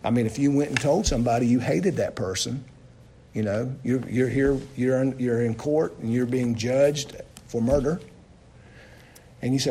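A man preaching a sermon, asking his listeners loud questions and dropping to low, hushed lines. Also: measured pace, long pauses, breathy edge.

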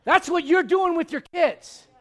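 A male pastor preaching a blunt, confrontational sermon, swinging from loud outbursts to hushed intensity. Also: extremely high pitch, animated, a little slow.

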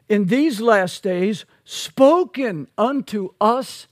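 A male pastor preaching an expository sermon, slow and emphatic, rising to loud peaks on key words. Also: high-pitched, expressive, no echo, clean studio sound.

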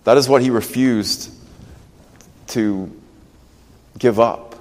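A man's voice: medium pitch, slow, a little mellow, in a large hall. A man preaching a sermon as pastor, earnest and emphatic, his voice swelling and dropping for emphasis. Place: church sanctuary.

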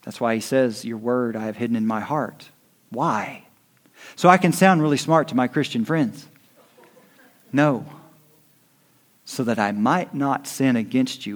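A man preaching a sermon as pastor. He swings from quiet, hushed lines to loud, rising exhortation. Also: medium pitch, lively intonation, measured pace, pauses often.

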